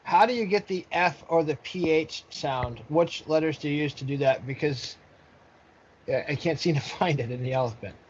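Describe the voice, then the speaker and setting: A man with a fairly high voice asks questions, hesitating with fillers as he goes. His voice comes through muffled and lo-fi, with faint noise behind it. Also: moderate pace. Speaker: person asking the questions. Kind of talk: casual chat.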